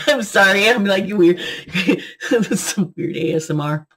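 A woman's voice: medium pitch, expressive, unhurried, breathy edge. Chatty woman rambling in a vlog. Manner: chatty, giggly, jumps between topics. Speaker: beauty and tarot vlogger. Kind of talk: rambling casual vlog chat.

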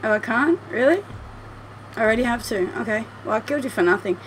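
A woman's voice: fairly high pitch, lively intonation, fast, slight background noise. A woman commentating her gameplay at home, chatty and swearing freely as she talks to the game. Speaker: gameplay streamer. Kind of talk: let's play commentary.

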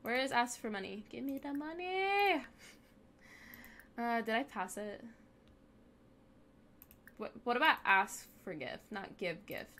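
A woman's voice: medium pitch, unhurried, pauses often, sharp tone. A young woman hosting a gaming video, casually commenting on her play and scolding the game characters as she goes. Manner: chatty, talks back at the game characters.

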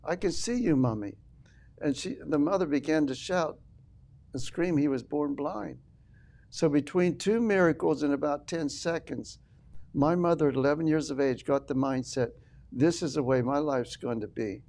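A man's voice: on the high side, normal speed, gravelly, darkish tone. An older man, a minister guest on an interview show, telling an earnest family testimony and acting out quoted dialogue. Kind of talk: storytelling testimony.

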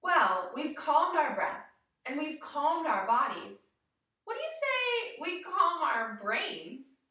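Bright-voiced woman guiding little kids through yoga, sing-song and slow, heard in a roomy space. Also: high voice, far from the mic. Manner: animated, sing-song, talks directly to young children. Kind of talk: playful kids yoga lesson.

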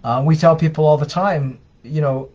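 The dull lo-fi audio comes from a live Q&A stream where a man co-hosts, fielding viewer questions. He speaks at a moderate pace in a slightly high, slightly mellow voice, offering casual advice with frequent fillers and restarts.

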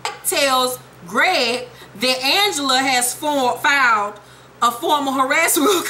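A young woman giving a profane, animated comedic recap of a TV episode and quoting the characters in quick voices. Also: sits high, a little hiss or hum. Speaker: TV show recapper.

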